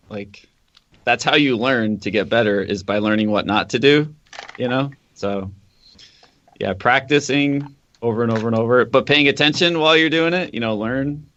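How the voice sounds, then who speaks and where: A man's voice: medium pitch, a bit bright. A man who plays and teaches drums, chatting easily and laughing often on a podcast. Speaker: drummer and drum teacher. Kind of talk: casual podcast chat. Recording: dull lo-fi audio.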